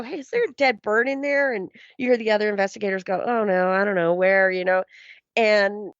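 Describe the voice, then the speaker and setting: A woman's voice: a little high, gravelly, dry recording. A woman guest telling a paranormal story in casual chat, rambling and full of "um" and "you know". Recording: dull, dry lo-fi sound.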